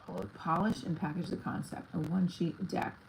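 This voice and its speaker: A woman's voice: fairly low pitch, steady tone, normal speed, vocal fry, slight background noise, poor audio. A woman comedian chatting casually on a livestream, rambling with lots of fillers and talking to her viewers.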